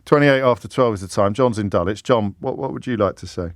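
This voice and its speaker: A man hosting a radio phone-in, animated and often laughing with callers. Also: lowish voice, quick pace, no echo, clean studio sound.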